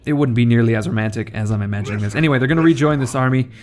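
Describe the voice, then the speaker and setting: A man's voice: medium pitch, very fast, a little mellow. A young man giving casual, rambling game commentary, joking and self-deprecating as the host. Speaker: gaming video host.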